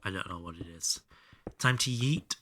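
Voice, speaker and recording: With slight background noise behind him, a low-voiced streamer chats casually with viewers during a game, bantering, joking and muttering quietly at times. He speaks at a moderate pace in a bright, forceful tone.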